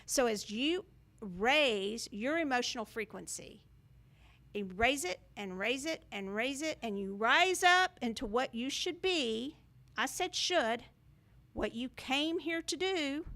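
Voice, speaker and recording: Woman w a high voice, spiritual talk to camera, emphatic, sarcastic bits. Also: lively intonation, takes it slowly, a bit bright. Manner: emphatic, sarcastic mock quotes. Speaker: spiritual video host.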